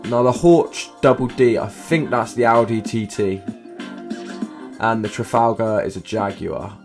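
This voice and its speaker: A man's voice: lowish voice, unhurried, faint music behind. A young man giving a sarcastic, profane video game review, swearing often. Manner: sarcastic, swears often, shouts in disbelief at glitches.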